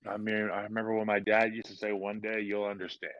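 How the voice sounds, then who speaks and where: A man's voice: on the low side, little pitch movement, quick pace, fairly bright tone, dry recording. Guy in his 30s on a podcast, casual and rambly, lots of "like" and "you know", dry muffled sound. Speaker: podcast guest. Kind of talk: casual storytelling. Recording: dull lo-fi podcast audio.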